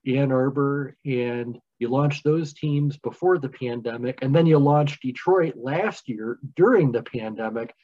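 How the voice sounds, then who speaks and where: A man's voice: mid-range voice, a little slow, few pauses, darkish tone. A man hosting a podcast interview, asking long, rambling questions with restarts. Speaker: podcast host. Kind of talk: casual interview chat. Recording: dull lo-fi sound.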